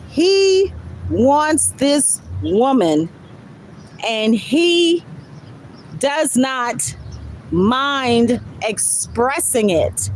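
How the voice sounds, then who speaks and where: A woman hosting a live stream, reading song lyrics aloud and then slowly explaining their message in an earnest way. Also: sits high, a little hiss or hum, rough recording. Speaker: livestream host. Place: outdoors or near a road, truck passing. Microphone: phone livestream.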